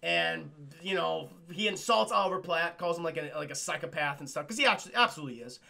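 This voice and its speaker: A man streams a casual film recap, swearing freely and talking straight to his chat. His voice sits high, with a gravelly fry and a very bright, pressing tone. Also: fast talker.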